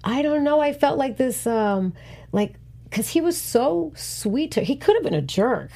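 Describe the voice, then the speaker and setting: A woman co-hosting a casual TV recap chat, animated and acting out what characters said. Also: high-pitched, a little slow, gravelly. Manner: animated, acts out quotes. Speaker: podcast co-host.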